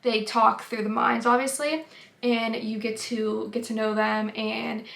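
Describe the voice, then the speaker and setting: Speaking a little slowly, a young woman in her twenties chats through a book vlog, heavy on fillers and occasionally whispering. Her voice is on the high side, creaky yet fairly bright, and stays level in tone.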